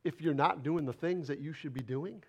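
A male pastor preaching a passionate sermon, asking rhetorical questions in casual folksy phrasing and rising to loud, emphatic declarations. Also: fairly high pitch, moderate pace, breathy edge, dull audio. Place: church sanctuary.

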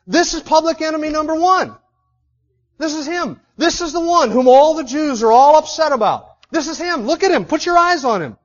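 A preacher putting on a scornful Roman governor. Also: male voice, extremely high pitch, lively intonation, normal speed, dull audio, pitched above the performer's own voice. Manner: declaiming, scornful, emphatic. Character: pompous Roman governor showing off a prisoner.

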